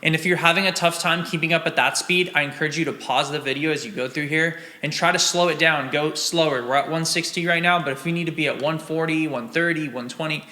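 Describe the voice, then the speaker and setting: A man's voice: on the high side, fast, hardly any pauses, bright, forceful tone. A young man teaching a snare drum exercise, encouraging and counting and vocalizing the rhythms aloud. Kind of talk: drum lesson walkthrough. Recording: roomy, with drums and metronome playing.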